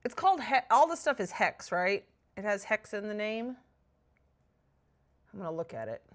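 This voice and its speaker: A woman chatting casually with her viewers while playing a game, excitable and talking to herself as she goes. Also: mid-range voice, normal speed. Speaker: game streamer.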